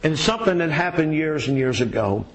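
A man preaching a sermon and reading a story aloud, folksy and unhurried, with many fillers and repeated words. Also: a little high, expressive, rough recording.

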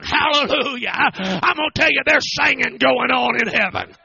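Gravelly high-voiced preacher. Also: male voice, bright, forceful tone, dry recording, muffled recording. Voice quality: fervent, drawn-out preaching delivery. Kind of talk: storytelling sermon.

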